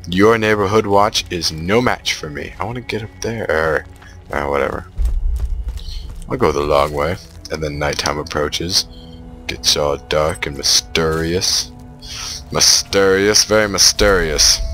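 Deep-voiced man trash-talking through a game. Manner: excitable, trash-talking the enemies. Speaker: gamer playing a shooter. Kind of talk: let's play commentary.

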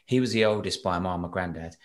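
A young British man, a singer, chatting as a podcast guest and telling animated stories with frequent laughs and restarts. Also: low voice, racing. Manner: animated storyteller, laughs often, many restarts. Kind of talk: casual interview chat.

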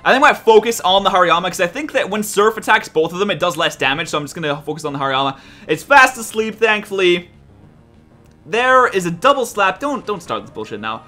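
A man commentating his own video game run, excitable, talking to the game, swearing and shouting at its turns. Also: high voice, fairly quick, faint music behind. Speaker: let's play commentator. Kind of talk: gameplay commentary.

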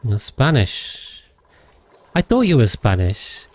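A man's voice: medium pitch, huge pitch swings, slow pace, darkish tone, dry recording. A man chatting casually on a livestream while playing a game, rambling with frequent hesitations and self-corrections. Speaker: game streamer.

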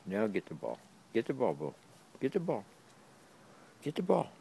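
A man's voice: fairly low pitch, huge pitch swings, moderate pace, creaky, dark tone, a little hiss or hum. A man in a backyard talking to his dog in sing-song baby talk, repeating himself while filming on a handheld camera. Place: backyard, outdoors.

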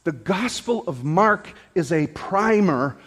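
Animated high-voiced male preacher in a hall. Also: slow pace, breathy edge. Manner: animated preaching with rhetorical questions to the congregation; raises voice to near shouting at peaks. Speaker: pastor. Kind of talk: sermon. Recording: long hall reverb.

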